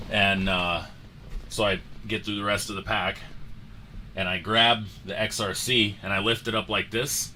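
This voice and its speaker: A man hosting a sports card show, telling a story in a casual, animated way and acting out the moments. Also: fairly low pitch, measured pace, pauses often, slight background noise.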